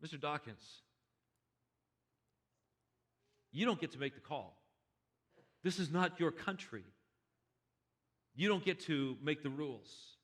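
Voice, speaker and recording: A preacher voices a calm, unbending judge who hands down a verdict. The judge speaks slowly and firmly and asks sharp questions, in a bright voice pitched a little high. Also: male voice. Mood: stern. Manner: measured, firm, rhetorical questions. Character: stern male judge, calm and unyielding.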